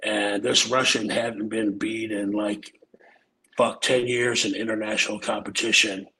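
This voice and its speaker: A man's voice: lowish voice, little pitch movement, measured pace, creaky, pushed and bright, poor audio. A middle-aged man from Nebraska, casually telling long rambling stories on a podcast, swearing and saying "man" a lot. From Omaha, Nebraska. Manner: laid-back, rambling, swears, says "man" often. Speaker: podcast guest telling his life story. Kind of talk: casual storytelling.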